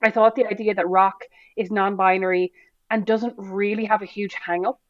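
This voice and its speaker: A woman's voice: mid-range voice, level tone, moderate pace, dry recording. Dry, muffled woman guest. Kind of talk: casual chat.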